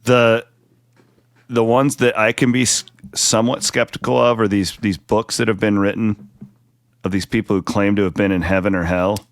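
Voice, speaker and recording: A man's voice: on the low side, fairly even intonation, moderate pace, dry recording, studio quality. A man with a Midwestern American accent hosting a podcast, chatting casually in a jokey, rambling way that often breaks off mid-thought. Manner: chatty, jokey, self-interrupting. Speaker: podcast host. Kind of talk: casual chat.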